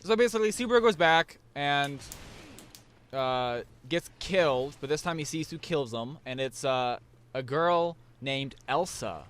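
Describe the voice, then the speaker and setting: A man's voice: fairly high pitch, lively intonation, unhurried, fairly bright tone, smooth. Rambling young man recapping a show. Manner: rambling, recaps with many restarts and fillers. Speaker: podcast host. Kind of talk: casual chat.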